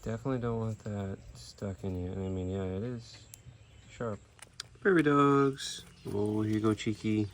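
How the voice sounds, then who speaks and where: A man who keeps an animal sanctuary, narrating a casual vlog and chatting gently to the animals. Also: on the low side, moderate pace. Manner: relaxed, chatty, speaks softly to the animals.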